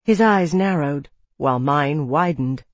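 Woman reading a novel aloud, lowish voice, dry close mic, steady storytelling. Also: unhurried, dry recording, dull audio. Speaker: audiobook narrator. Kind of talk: scripted narration.

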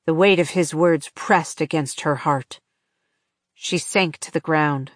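A woman narrating an audiobook in measured, even storytelling on a close microphone. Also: deep voice, no room sound. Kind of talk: scripted narration.

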